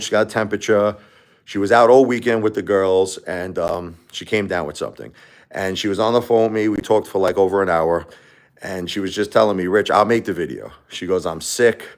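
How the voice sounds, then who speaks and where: A man hosting a casual live stream, talking in a rambling, repetitive way and lashing out at his critics. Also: on the low side.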